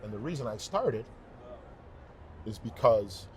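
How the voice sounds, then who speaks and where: This male singer by trade speaks at a measured pace in a lowish voice during a relaxed interview. His storytelling is animated, emphatic and sincere, and he repeats points to stress them.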